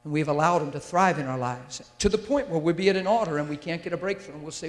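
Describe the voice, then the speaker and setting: A man's voice: on the high side, lively intonation, quick pace, hardly any pauses. A man preaching a sermon into a mic in a large church hall, intense and emphatic, often asking the crowd if they follow him. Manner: intense and emphatic, with rhetorical questions to the audience. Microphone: handheld or stand mic. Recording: long hall reverb.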